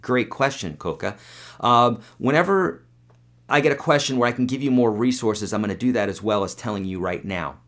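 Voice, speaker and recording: A man's voice: medium pitch, normal speed, fairly bright tone. A man teaching guitar on a live webcast, reading out viewer questions and answering them in a loose, chatty way.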